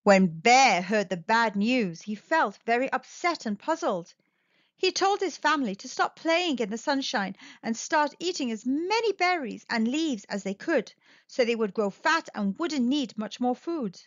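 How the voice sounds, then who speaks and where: A woman with a high, very lively voice reads a children's picture book aloud, swooping and playful. The recording is close and dry but a little dull and lo-fi. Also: unhurried, no echo. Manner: sing-song storytelling with big swings. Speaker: storytime host.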